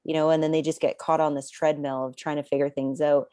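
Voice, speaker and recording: A woman coach as an interview guest, speaking in a calm, thoughtful, unhurried way. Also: deep voice, clean tone, no echo, clean studio sound. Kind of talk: casual conversational interview.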